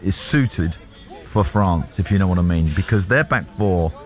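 A man's voice: low voice, animated, moderate pace, faint music behind. A man co-hosting a sports radio show, chatting and joking in a loose, laughing way. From West Country, England. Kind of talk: casual studio banter.

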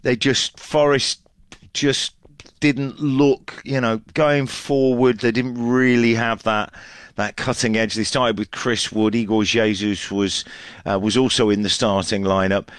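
A man's voice: medium pitch, flat delivery, measured pace, clear, resonant tone, no echo, clean studio sound. A man talking through last night's football results as a reporter, chatty and full of fillers and restarts. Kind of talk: casual match analysis on radio.

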